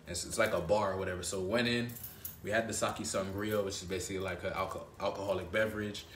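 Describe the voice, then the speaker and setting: A man's voice: low voice, steady tone, fast, a bit bright, far from the mic, a little hiss or hum. A man telling a personal story in a casual, rambling way, often checking in with "right?" and "you know what I mean". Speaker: dating advice host. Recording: roomy echo.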